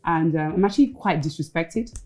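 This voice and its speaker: A woman's voice: low voice, a little fast, a little mellow, faint music behind, poor audio. A woman, a former reality show contestant, talking frankly in a casual interview and slipping Igbo phrases into her English.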